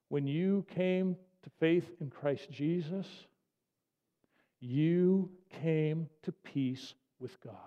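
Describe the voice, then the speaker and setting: A man's voice: a little high, warm tone. A male pastor preaching a sermon in a conversational, storytelling way, with many restarts and asides. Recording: dull sound, long reverb.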